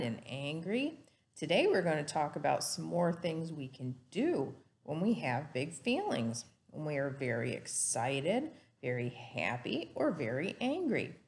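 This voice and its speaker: A woman teacher giving a lesson to young children in a slow, sing-song way. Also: low voice, darkish tone.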